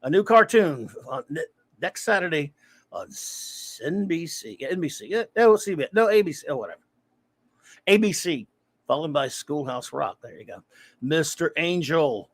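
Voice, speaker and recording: Chatty higher-voiced man hosting a livestream. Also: expressive, normal speed, dry recording. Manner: rambling, chatty, greets viewers by name. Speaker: livestream host. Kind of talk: casual live-stream chat, reading chat aloud.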